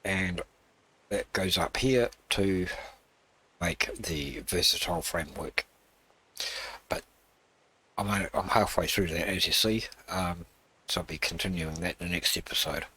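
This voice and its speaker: A man with a very deep voice hosts a gaming channel, talking his way through a build. His tone is husky yet bright, and he rambles with halting pauses and filler words. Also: dry recording. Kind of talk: casual gameplay walkthrough.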